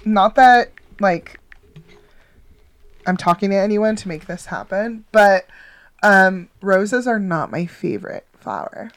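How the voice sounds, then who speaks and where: A young woman co-hosting a laid-back podcast, mid-pitched and joking. She laughs a lot. She sits a bit back from the microphone. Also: lively intonation, takes it slowly, pauses often. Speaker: podcast co-host. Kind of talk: casual chat.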